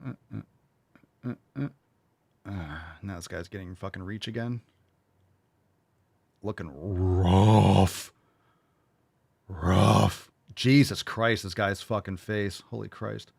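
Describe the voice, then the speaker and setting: A male host tearing into clips in a blunt, profane, mocking rant. His voice sits fairly low, and the sound is close and dry with no room echo. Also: slow, vocal fry, long pauses, a little mellow, slightly rough. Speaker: host reacting to videos. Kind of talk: ranting reaction commentary.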